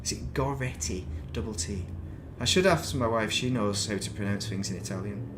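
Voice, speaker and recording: A gaming streamer with a lowish voice chats casually at his desk mic while playing on stream, speaking at a moderate pace over a noisy background. He rambles from topic to topic and throws in self-deprecating asides.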